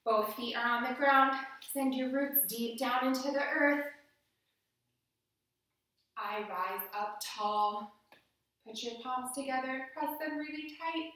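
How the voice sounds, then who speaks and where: A woman leads children's yoga in a slow, unhurried voice, bright and a little high. Her cues are gentle and playful. The room sounds very echoey, and she stands back from the mic. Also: distant mic. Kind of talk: guided kids' yoga lesson.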